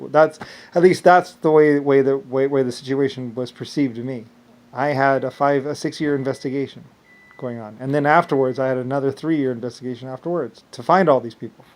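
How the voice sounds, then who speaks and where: A man talking in a rambling first-person monologue, full of filler words and stammering restarts. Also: medium pitch. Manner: loose filler-heavy speech.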